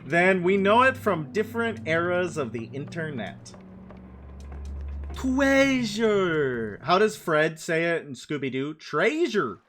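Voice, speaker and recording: Playful high-pitched streamer man. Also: normal speed, hardly any pauses, fairly bright tone, slight background noise. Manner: playful, breaks into silly sing-song. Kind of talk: casual let's-play commentary.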